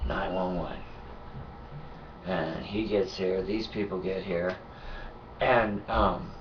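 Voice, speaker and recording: A sick, nauseated man in an angry, profane vlog rant, swinging from low muttering to shouting. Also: distant mic, dull audio, slight background noise. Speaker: vlogger.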